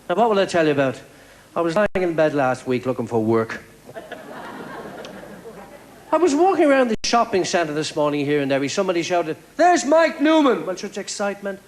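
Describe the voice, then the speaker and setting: A man doing a stand-up comedy set of quick one-liners on a TV show. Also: sits high. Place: TV studio with live audience. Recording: live TV show with crowd laughter and noise.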